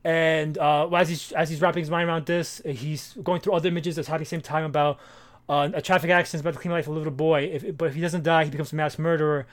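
A man co-hosting a casual comic book chat, animated and reading dialogue aloud with feeling. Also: a little high, quick pace. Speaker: podcast co-host.

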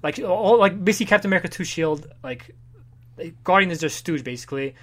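A man's voice: high-pitched, lively intonation, quick pace, fairly bright tone. A young man co-hosting a casual comic book podcast, rambling and swearing freely. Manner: rambling, profane, acts out characters in bursts. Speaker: podcast co-host.

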